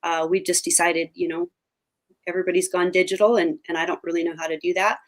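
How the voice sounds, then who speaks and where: Older woman, TV hunting co-host, low-ish pitch, emphatic and chatty. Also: steady tone, fast. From Oregon. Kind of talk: casual interview talk.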